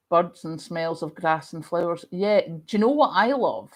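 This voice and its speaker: A middle-aged woman with a Scottish accent chats through a livestream, answering viewers in a lively, storytelling manner. Her voice sits a little low for a woman. She has a lingering cough. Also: moderate pace, hardly any pauses. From Scotland. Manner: chatty, animated storytelling. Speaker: livestream host. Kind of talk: casual chat reading viewer comments.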